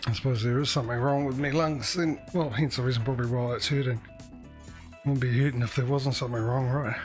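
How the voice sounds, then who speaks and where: A man streams a driving game and chats to his viewers in a loose, rambling way. He is out of breath, so his casual talk comes with heavy breathing. Game music plays clearly underneath. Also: mid-range voice, steady tone, brisk. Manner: chatty, rambling, talks to chat. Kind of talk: casual gameplay commentary.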